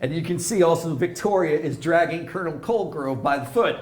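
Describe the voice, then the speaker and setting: Game master, male, high and bouncy, animated delivery, roomy echoey sound. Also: a little fast. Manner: animated, laughing often. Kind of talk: narrating a tabletop game. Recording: echoey room.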